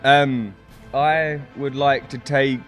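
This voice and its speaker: A man's voice: medium pitch, fairly even intonation, slow, soft background music. A man at a fantasy football draft, teasing the host dryly before making his pick. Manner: dry, teasing. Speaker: draft participant.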